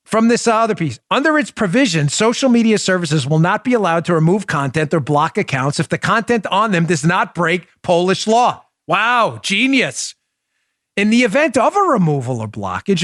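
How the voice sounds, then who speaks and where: A man hosting a political talk show, delivering an emphatic monologue that jumps from loud exclamations to low asides. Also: sing-song, fairly quick, dry recording, studio quality. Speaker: podcast host.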